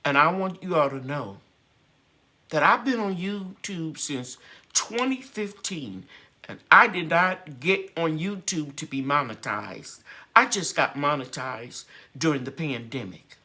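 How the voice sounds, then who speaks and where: A woman's voice: low voice, lively intonation, measured pace, bright, forceful tone. A woman hosting a gardening channel's live stream chat, talking in a heartfelt, grateful and encouraging way.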